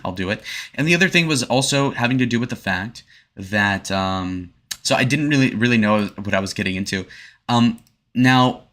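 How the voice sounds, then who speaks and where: Young male streamer, low bright voice, rambling, profane, restarts a lot. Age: 20s. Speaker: streamer reviewing his own speed date. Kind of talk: casual stream commentary reading chat. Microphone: desk webcam setup.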